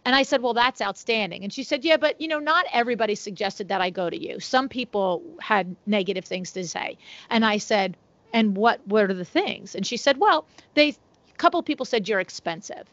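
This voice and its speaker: A woman's voice: mid-range voice, a little fast, dry recording, lo-fi sound. A middle-aged woman, a window treatment business owner, telling stories as a podcast guest and acting out both sides of each conversation. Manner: animated storyteller who acts out both sides of conversations. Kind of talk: casual storytelling interview.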